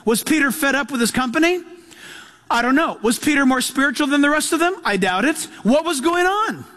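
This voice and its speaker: A man's voice: very high-pitched, lively intonation, a little fast, fairly bright tone. A man preaching a sermon as pastor, reading scripture aloud and driving his points home with emphasis. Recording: long hall reverb.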